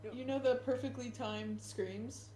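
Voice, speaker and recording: A woman's voice: fairly high pitch, fairly even intonation, a little slow, mellow, echoey room, poor audio. A woman playing in a tabletop game, chatting casually in an easygoing way. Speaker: player.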